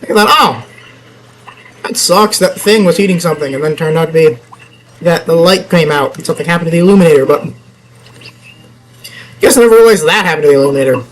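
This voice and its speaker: A man's voice: fairly high pitch, expressive, quick pace, pauses often, low-quality recording. A young man chatting through a video game let's play, rambling and joking with himself and the game as he goes. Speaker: gaming channel host.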